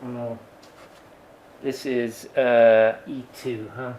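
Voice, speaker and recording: A man's voice: medium pitch, little pitch movement, extremely slow, a little mellow, a little hiss or hum. A man teaching a worked engineering example, thinking aloud with frequent fillers and asides. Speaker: engineering instructor.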